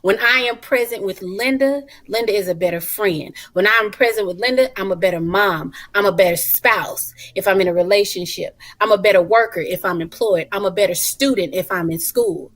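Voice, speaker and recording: A woman in her thirties, a guest on a talk show, telling stories in a lively, colloquial and expressive way. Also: mid-range voice. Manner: animated, expressive storyteller, colloquial. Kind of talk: casual talk-show chat.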